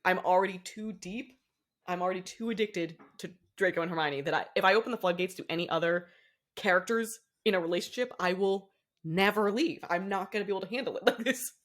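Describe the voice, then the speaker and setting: A woman's voice: fairly low pitch, fast, a bit bright. A young woman co-hosting a podcast in casual chat, rambling and cutting herself off, laughing often. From Boston area, US. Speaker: podcast co-host.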